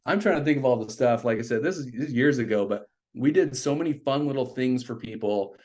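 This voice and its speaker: A middle-aged man telling a story in casual conversation, animated and jumping up into high voices when he quotes people. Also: fast. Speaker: podcast guest.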